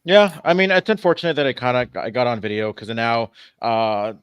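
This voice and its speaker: A man's voice: mid-range voice, brisk, clean tone, dry recording. A man co-hosting a podcast in casual chat, rambling and hesitant, with frequent restarts and little laughs. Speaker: podcast co-host.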